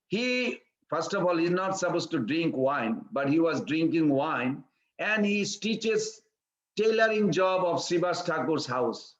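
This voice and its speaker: A man giving a storytelling sermon in simple, broken English. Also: a bit bright. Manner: simple broken English, acts out quoted voices in a higher pitch. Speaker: preacher. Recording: echoey room, slightly dull sound.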